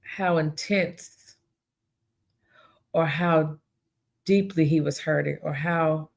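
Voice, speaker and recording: This woman hosts a podcast on her own, speaking slowly in a low, creaky voice with fairly even intonation. She talks from the heart, pleading earnestly with her listeners and repeating her appeals often.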